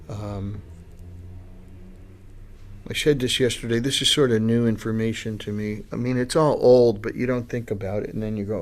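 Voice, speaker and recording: A man's voice: lowish voice, fairly even intonation, moderate pace. A man teaching a Dharma class as a Buddhist lama, in an informal, chatty way that acts out the voices he quotes. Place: meditation class with students.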